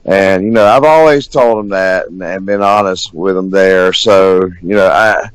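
A man's voice: sits low, measured pace, smooth, no echo, rough recording. A man hosting a podcast in casual chat, laid-back and rambling, often hedging his words. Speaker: podcast host.

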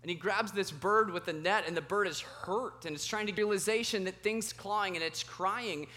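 Bright high-voiced man preaching. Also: normal speed. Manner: animated and self-deprecating, asks the audience questions. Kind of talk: sermon with prayer and humorous storytelling. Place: meeting room with a live audience.

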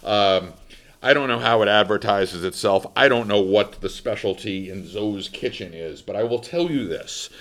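A lower-voiced American man holds forth as a talk show host, spinning a story with theatrical emphasis. He drags out key words, then drops to a hushed aside before booming again. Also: moderate pace. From United States. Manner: theatrical, emphatic, swings loud and soft. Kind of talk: dramatic monologue storytelling.

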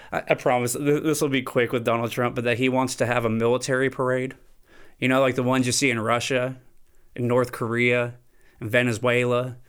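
A man's voice: mid-range voice, smooth. A man hosting a podcast in a loose, jokey rant, swearing freely and getting worked up. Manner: animated, profane, jokey. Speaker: podcast host. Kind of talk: casual comedic rant.

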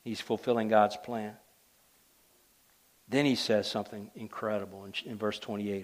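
A man preaching a sermon, driving points home and then dropping to a hush. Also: on the low side, fairly even intonation, normal speed, long pauses. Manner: emphatic, swings between loud declarations and hushed asides.

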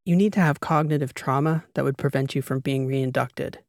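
A man reading an audiobook voices a composed female spy handler in a measured, matter-of-fact way. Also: medium pitch, fairly even intonation, gravelly, no room sound, clean studio sound, close to an everyday voice. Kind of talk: audiobook character voice.

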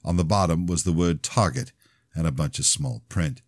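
A man narrating his own novel as an audiobook in the first person, in a plain, steady storytelling manner. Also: a bass voice, moderate pace, no room sound, clean studio sound.

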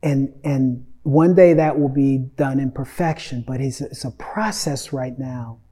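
A man preaching a sermon as pastor, swinging from loud emphatic lines to soft, hushed asides and repeating phrases for emphasis. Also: mid-range voice, a little slow. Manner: repeats phrases for emphasis, addresses listeners with "Listen".

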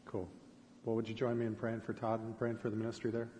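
Lowish man in a reverberant church hall. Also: monotone, fast, dark tone. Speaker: pastor interviewing a guest. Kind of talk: church interview and prayer. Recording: long hall reverb with faint noise.

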